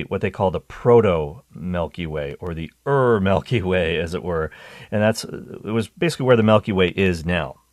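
A man hosting a Catholic radio talk show, talking with enthusiasm, restarting phrases and jumping in pitch on exciting points. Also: no room sound, studio quality. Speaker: radio host.

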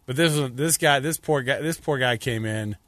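A man's voice: medium pitch, moderate pace, fairly bright tone, a little hiss or hum. Rambling male radio co-host. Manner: rambling storyteller with many restarts. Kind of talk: casual radio chat.

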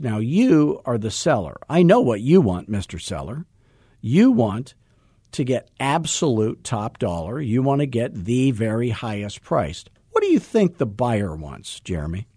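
A middle-aged man coaching real estate agents in a salesy, joking, energetic way. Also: mid-range voice, slightly rough, no room sound, studio quality. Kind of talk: coaching podcast talk.

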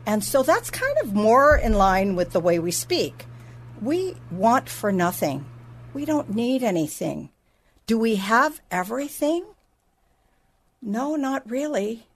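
A woman's voice: on the high side, big pitch swings, takes it slowly, slight background noise. A middle-aged woman teaching the Bible on a faith podcast, in a conversational way with asides and restarts.

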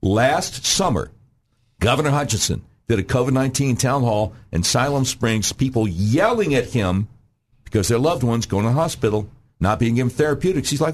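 A man guesting on a radio talk show as a candidate, making an emphatic campaign pitch and often clearing his throat. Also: expressive, normal speed.

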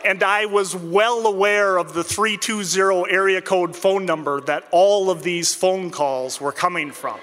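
Bright-voiced storyteller. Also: male voice, high voice, a little slow, few pauses, big-room sound, a little hiss or hum. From central Minnesota, United States. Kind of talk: personal storytelling to an audience.

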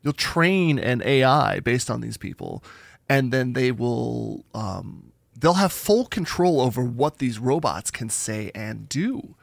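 A man's voice: mid-range voice, animated, slow pace, creaky, no room sound. A man co-hosting a podcast, talking in a casual, joking way and laughing often. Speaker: podcast co-host. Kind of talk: casual comedic chat.

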